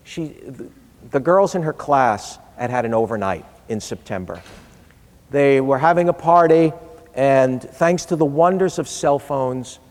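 A man's voice: mid-range voice, measured pace, a little mellow. A middle-aged man giving a speech, telling a humorous family story in a conversational way and voicing the people he quotes. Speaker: public speaker. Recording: long reverb of a large hall.

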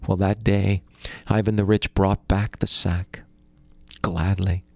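Male storyteller, gravelly, dry close recording. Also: sits low, level tone, slow pace, a little mellow, dry recording. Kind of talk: folktale storytelling.

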